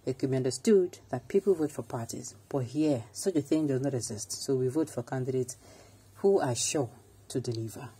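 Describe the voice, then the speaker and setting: A woman's voice: rumbling low, normal speed, husky. A Nigerian woman hosting a news commentary show, reading out viewer comments and answering them with emphatic opinion, slipping into Pidgin. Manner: mixes Nigerian Pidgin into talk, animated and emphatic.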